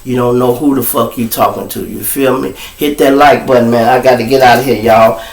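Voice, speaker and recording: A man from Chicago with a Chicago accent, hosting his show and telling a story to viewers in a profane, animated way, loud one moment and hushed the next. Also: mid-range voice, a little fast, gravelly. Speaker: show host. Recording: roomy echo.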